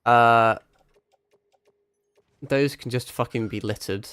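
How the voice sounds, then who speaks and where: Smooth and slightly bright, this medium-pitched male voice takes things slowly. He's a young vtuber streaming a shooter, rambling, swearing casually, and poking fun at himself in relaxed gaming commentary.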